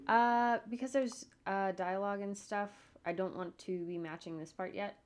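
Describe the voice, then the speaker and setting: A woman's voice: fairly low pitch, moderate pace, a little hiss or hum. A woman animator talking casually to her livestream viewers at home as she works, thinking aloud in a chatty, rambling way. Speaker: animator streaming her work. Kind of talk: casual livestream talk while working.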